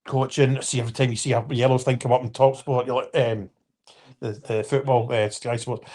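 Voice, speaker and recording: A man's voice: mid-range voice, little pitch movement, fairly quick, a little mellow. Rambling man in his fifties. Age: 50s. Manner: rambling, frequent restarts and apologies, addresses viewers by name. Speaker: live-stream host. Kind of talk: casual football chat.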